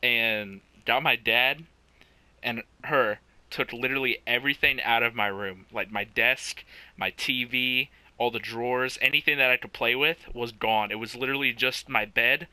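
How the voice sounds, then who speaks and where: Bright-voiced young man, casual and sweary. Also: mid-range voice, fairly even intonation, moderate pace, clean tone, no room sound. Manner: laughs often, swears. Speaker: podcast co-host. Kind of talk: casual chat.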